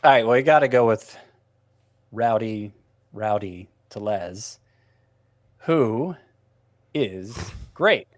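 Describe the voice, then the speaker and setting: A man's voice: fairly low pitch, lively intonation, slow pace, long pauses, dry recording. A man giving fantasy baseball picks in casual podcast chat, wry and self-mocking, thinking aloud as he goes.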